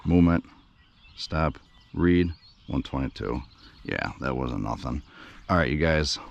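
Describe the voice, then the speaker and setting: A man vlogging outdoors by a river, excited and breathless, saying he is shaking with excitement and often calling out to his viewers. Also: rumbling low, measured pace, creaky, dull audio. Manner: excited, breathless exclamations and repeated "you guys". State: shaky with excitement. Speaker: vlogger running a radio-controlled boat. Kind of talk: excited outdoor vlog commentary.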